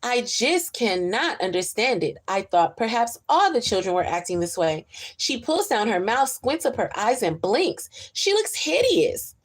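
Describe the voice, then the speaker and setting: A woman voicing an anxious, proper mother who talks in a high, strained, fretful way. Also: sing-song, measured pace, slightly rough, full character voice.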